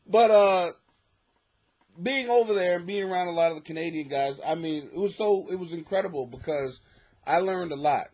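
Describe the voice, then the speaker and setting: An American man hosting a casual comic podcast from his basement, rambling and swearing, laughing often and swinging between mutters and near-shouts. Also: high-pitched, normal speed. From United States. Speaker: podcast host, struggling comic. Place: home basement.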